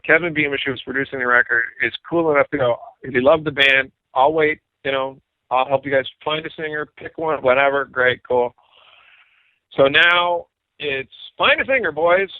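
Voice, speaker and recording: A middle-aged man, a bassist guest, telling stories in an animated way and acting out what people said. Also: no echo. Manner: animated storyteller acting out quoted dialogue. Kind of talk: casual storytelling interview. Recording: tinny phone-like line, dry.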